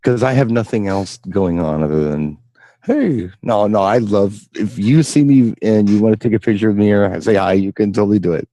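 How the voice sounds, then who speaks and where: A man's voice: on the low side, normal speed, warm tone, no echo. A man co-hosting a casual live web show, joking in a wry, sarcastic way. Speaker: co-host. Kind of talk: casual live-stream chat.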